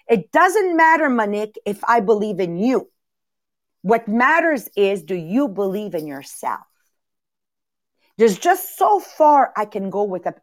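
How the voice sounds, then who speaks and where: A middle-aged woman giving a live motivational talk as a coach, energetic and repetitive, calling on listeners by name. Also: medium pitch, no echo. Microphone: video call.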